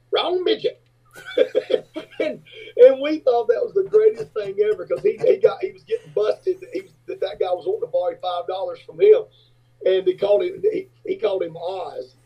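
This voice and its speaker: A husky man tells his stories with gusto and jumps into high squeaky voices for the people in them. His voice sits a bit high for a man, and the audio sounds dull and lo-fi. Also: quick pace. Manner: animated storyteller, acts out other voices in high pitch. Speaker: rock singer and businessman, guest. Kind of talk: casual interview storytelling.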